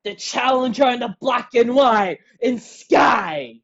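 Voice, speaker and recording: A wrestling commentator calling a match play-by-play, excitable and shouting on the big moves. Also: medium pitch, takes it slowly, gravelly, dull audio.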